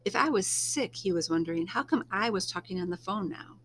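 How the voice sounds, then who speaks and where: A woman reading a first-person novel aloud in a soft, unhurried storytelling manner, now and then dropping to a hush. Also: medium pitch, animated, a little hiss or hum. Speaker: reader.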